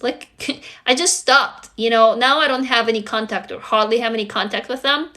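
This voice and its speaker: Woman, high pitch, bright forceful tone, raw and profane livestream talk. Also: normal speed. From Russia. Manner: raw, intense, profane, repetitive. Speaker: livestream host. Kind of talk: emotional livestream monologue.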